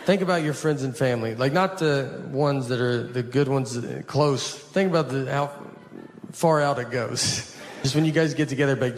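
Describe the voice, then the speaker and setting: A man in his forties doing a stand-up comedy set on stage, telling stories in a deadpan way and voicing the people in them. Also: mid-range voice, moderate pace. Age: 40s. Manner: deadpan storytelling, quoting people in flat asides. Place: stage before a live audience. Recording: live show with audience noise.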